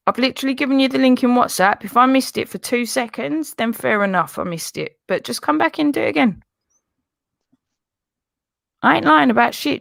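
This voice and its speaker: Insistent woman with a gravelly voice. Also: fairly high pitch, no echo, studio quality. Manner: insistent, exasperated. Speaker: live stream host. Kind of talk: heated live stream confrontation.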